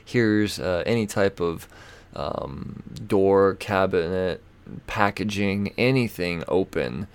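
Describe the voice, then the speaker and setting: A man with a gravelly, low voice tells a story on his podcast, swearing constantly and making fun of himself. His pitch swings widely as he rambles along with fillers and asides. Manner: profane, self-mocking, frequent fillers and laughs. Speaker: podcast host.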